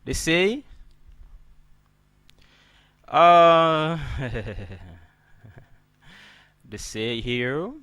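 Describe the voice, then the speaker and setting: A man's voice: fairly high pitch, animated, extremely slow, pauses often, pushed and bright, smooth. A man teaching an English pronunciation lesson, repeating words and checking in with "okay?" after nearly every point.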